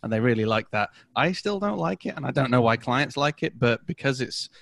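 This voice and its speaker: A man's voice: medium pitch, lively intonation, brisk, vocal fry, a bit bright, no room sound. A man with a British accent co-hosting a podcast, chatting in an upbeat, enthusiastic way. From Britain. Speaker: podcast co-host. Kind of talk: casual chat.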